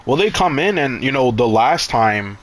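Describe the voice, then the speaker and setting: A man's voice: medium pitch, animated, normal speed. Rambling young man, cursing. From Canada. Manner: rambling, profane storytelling with many restarts. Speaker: gaming streamer. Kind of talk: casual chat while gaming.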